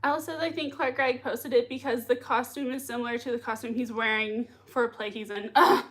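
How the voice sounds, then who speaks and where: A woman hosting a casual livestream, chatting excitedly and giggling while reading viewer comments. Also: on the high side, a little fast. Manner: excitable, giggly, many fillers. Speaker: livestream host reacting to a TV show.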